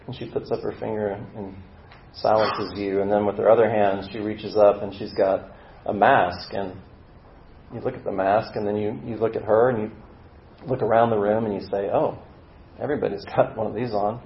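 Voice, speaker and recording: A man's voice: lowish voice, level tone, normal speed, slight background noise. A man giving a sermon as a story, acting out the inner voice of a struggling believer and dropping to a murmur for quoted doubts. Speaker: preacher. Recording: roomy, slightly dull sound.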